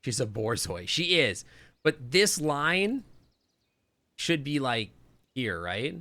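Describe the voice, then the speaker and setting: A man with a Canadian accent chatting loosely through a live game stream, rambling and thinking out loud. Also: medium pitch, sing-song, slow pace.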